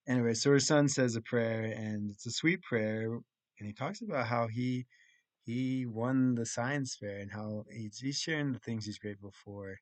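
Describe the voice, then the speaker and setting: A man's voice: on the low side, no echo. A young adult man, a college student, casually recapping his class week and retelling a story step by step. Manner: plainly retelling a story step by step, with pauses and restarts.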